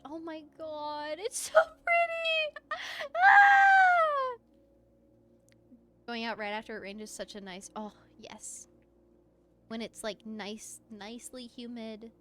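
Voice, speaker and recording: Woman streamer, high voice, casual and gushing, talks straight into a desk mic. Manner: excitable, gushing, laughs often. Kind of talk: casual live-stream chat while playing. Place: her room at home.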